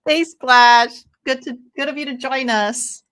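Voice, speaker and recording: Young woman streamer, easygoing host, slow relaxed delivery, chatty and giggly. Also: high-pitched. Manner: chatty, lots of "like" and laughter. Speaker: host of a fight watch-along stream. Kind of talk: casual chat with live viewers.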